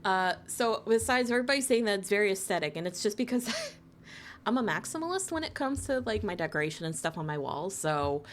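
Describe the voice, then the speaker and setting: Fairly quick and playful, a New Jersey woman teases her live stream viewers during casual chat, laughing often. Her voice swoops high when she's excited, and faint music sits behind her.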